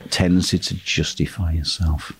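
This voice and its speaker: A man teaching as a property investment tutor, speaking in a steady instructional monologue and driving points home by repeating key phrases. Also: low voice, normal speed.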